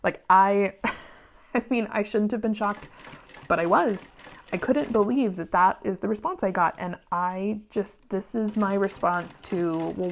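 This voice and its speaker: A woman's voice: mid-range voice, slight background noise. Chatty woman venting while she sews. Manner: chatty, venting, drops into whispers while working. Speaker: small business owner and vlogger. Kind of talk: casual chat while sewing.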